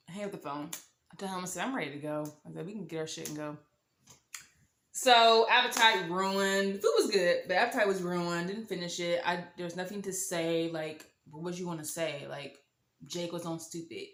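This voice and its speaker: A woman's voice: fairly low pitch, unhurried, long pauses, fairly bright tone. Young woman, sassy storytime vlogger with dramatic asides; roomy, echoey sound. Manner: sassy, dramatic, slangy, mock-shocked asides. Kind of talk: animated storytime monologue.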